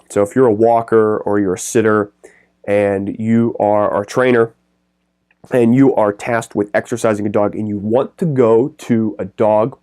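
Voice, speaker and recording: A middle-aged man coaching pet business owners straight to camera, talking in quick, energetic, rambling bursts. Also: fairly low pitch. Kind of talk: direct-to-camera business advice.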